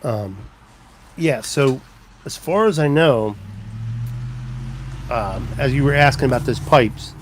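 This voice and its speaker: A man's voice: mid-range voice, takes it slowly, pauses often, slight background noise. A man hosting a casual live stream, rambling as he greets viewers by name and walks around his home with a handheld camera. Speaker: livestream host.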